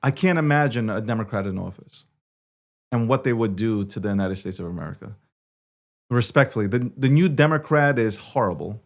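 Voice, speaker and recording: Emphatic New York-born political host. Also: male voice, on the low side, animated, fairly quick. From New York City. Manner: emphatic, repetitive, swings loud and soft. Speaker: show host. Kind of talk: opinionated political commentary.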